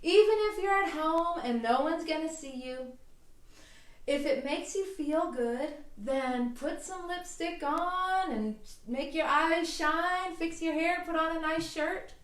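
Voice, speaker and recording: A woman hosting a self-help vlog, giving casual, enthusiastic advice in a chatty manner. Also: high voice. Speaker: herbalist vlog host. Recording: roomy, distant mic.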